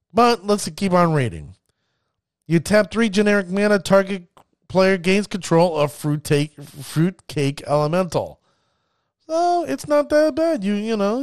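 A man hosting his own podcast in excitable, hype-building casual talk, rambling with restarts as he announces guests and reads out cards. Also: high-pitched, dry recording, clean studio sound. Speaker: podcast host.

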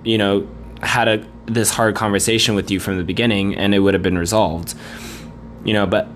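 A man's voice: mid-range voice, slight background noise. A man hosting a solo podcast, talking in a rambling, blunt, conversational way. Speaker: podcast host.

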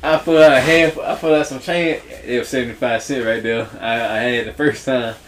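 A man hosting a podcast, telling a casual story that he keeps laughing through and dropping into quiet, low asides. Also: fairly even intonation, a little fast, slight background noise. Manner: laughs through his stories, drops low and quiet when quoting himself. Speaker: podcast host.

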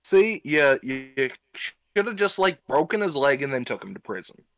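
A man's voice: medium pitch, big pitch swings, moderate pace, fairly bright tone. A young man co-hosting a podcast in casual chat, blunt and sarcastic with plenty of swearing. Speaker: podcast co-host.

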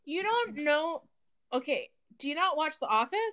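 A young woman co-hosting a casual podcast with a somewhat high voice. She teases and jokes freely, and rambles through restarts and fillers as she hunts for her point. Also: expressive, normal speed, pushed and bright. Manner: joking, teasing, rambling with restarts. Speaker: podcast co-host.

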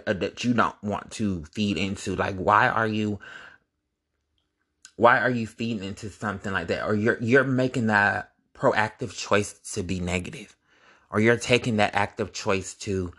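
Animated, cussing young man telling a story. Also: mid-range voice. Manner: animated, profane, gossipy storytelling. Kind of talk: casual storytime vlog.

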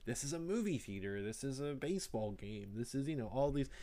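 Rambling man pitching a silly movie plot. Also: animated, brisk, mellow. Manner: rambling, many fillers, acts out quoted lines. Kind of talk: casual comedic storytelling, pitching a made-up film plot.

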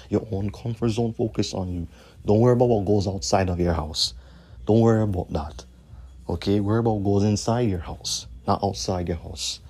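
Profane ranting podcast man, low voice. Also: a little mellow. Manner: profane, combative ranting, repeating himself. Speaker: podcast host.

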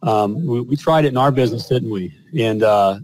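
A man's voice: medium pitch, normal speed, a little mellow, slight background noise. A male show host and business coach who talks emphatically, often tagging lines with "all right?" and "you know". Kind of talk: host conversation and spoken sponsor pitch.

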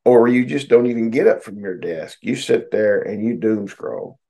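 Middle-aged American man, low gravelly voice, folksy therapist host who ribs his listeners. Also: moderate pace, dark tone. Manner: folksy, joking, talks straight to listeners. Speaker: psychotherapist podcast host. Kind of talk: casual advice monologue.

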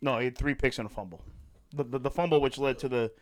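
A man co-hosting a casual sports podcast, chiming in with quick comments and teasing the others. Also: mid-range voice, fairly even intonation. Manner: quick interjections and teasing remarks. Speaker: podcast co-host.

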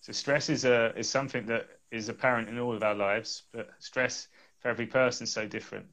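Hesitant man, mid-pitched voice. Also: fairly even intonation, brisk, a bit bright. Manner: hesitant, reads viewer comments aloud. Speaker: co-host. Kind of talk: casual live-stream talk.

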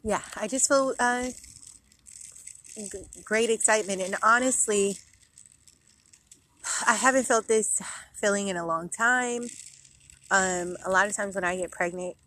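A woman's voice: medium pitch, measured pace, pauses often, bright, forceful tone. A woman in her thirties hosting a podcast, chatting casually and rambling with many fillers, a little out of breath, recorded outdoors at a park. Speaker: podcast host. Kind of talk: casual chat.

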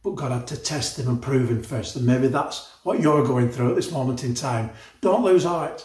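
A man's voice: mid-range voice, normal speed, a little mellow. A man preaching a sermon, retelling a story in a chatty way, often restarting his phrases. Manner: conversational storytelling with frequent restarts. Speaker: pastor. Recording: echoey room from far off.

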